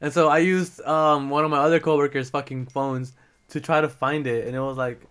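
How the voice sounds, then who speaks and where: A man's voice: on the high side, fairly even intonation, fairly quick, fairly bright tone, clean tone. A young man telling a rambling, profane story to the camera as a casual vlog, switching between English and Spanish. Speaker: vlogger.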